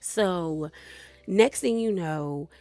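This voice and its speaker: In a warm, fairly low voice with drawn-out words and a dry recording, a woman recaps a reality TV episode. She's chatty and gossipy, laughs often, and acts out what the cast said in character voices.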